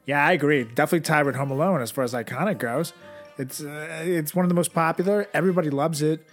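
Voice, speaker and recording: A young man hosting a casual comedy chat, telling crude absurd jokes in a deadpan way and laughing at his own bits. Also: on the high side, quick pace. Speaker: podcast host. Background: music.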